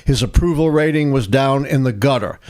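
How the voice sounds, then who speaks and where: Older male historian, host of a live stream, lively anecdotal delivery with voiced quotes. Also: mid-range voice, moderate pace. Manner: animated anecdotal storyteller, acts out quotes. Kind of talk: live election stream storytelling.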